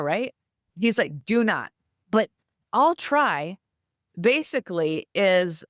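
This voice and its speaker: A woman's voice: medium pitch, no echo. Woman, podcast host, motivational faith talk, emphatic, dry close sound. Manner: emphatic, preachy, acts out quoted phrases.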